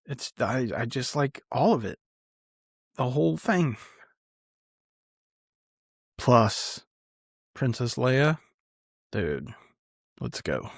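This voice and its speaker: Slow, laid-back male podcast co-host. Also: medium pitch, big pitch swings, vocal fry, no echo, clean studio sound. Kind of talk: casual chat.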